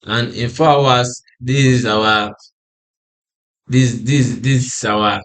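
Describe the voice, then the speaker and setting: Man for a trading chart lesson, tired and yawning, mid pitch, keeps repeating phrases and asking himself "what?" before answering. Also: steady tone, slow pace, fairly bright tone. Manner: repetitive, restarts phrases, asks himself "what?" then answers. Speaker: forex trading analyst. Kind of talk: screen-share chart walkthrough.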